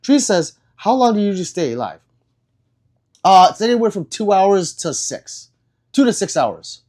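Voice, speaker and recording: Young guy hosting a stream, bouncy pitch, jokey, reads chat aloud and rambles. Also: big pitch swings, normal speed, darkish tone. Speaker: livestream host reading chat. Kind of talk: casual live stream chat.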